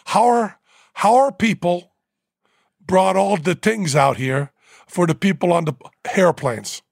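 A man puts on a chatty, earnest Newfoundland airport guide who drops his H's in one place and adds them in another, in a raised, husky, gravelly voice. The sound is close and dry. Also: sits high, slow pace, no room sound, exaggerated voice. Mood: eager. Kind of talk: storytelling impression.

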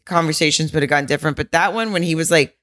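A woman's voice: sits low, fast talker, a bit bright. A woman co-hosting a podcast, chatting casually and acting out quotes with some swearing. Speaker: podcast co-host. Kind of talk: casual chat recapping a reality show.

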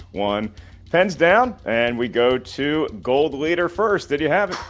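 A man hosting a trivia game show, joking with the players and counting down the clock. His pitch swings widely as he banters, with faint music underneath. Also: lively intonation, a little slow, a bit bright. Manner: playful, jokey, counts down timers. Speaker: trivia quiz host.

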